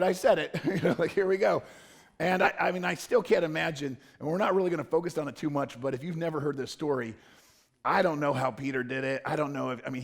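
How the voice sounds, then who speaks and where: A man's voice: a little high, creaky. A man preaching a casual, conversational sermon as a pastor, joking and wandering into loose asides. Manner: informal, joking, rambling asides. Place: church.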